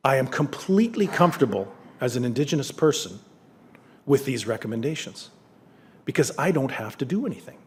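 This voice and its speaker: A man's voice: mid-range voice, very animated, fairly quick, a little hiss or hum. Earnest middle-aged man giving a lecture. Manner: earnest, conversational, candid. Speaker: lecture speaker. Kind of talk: public lecture with anecdotes.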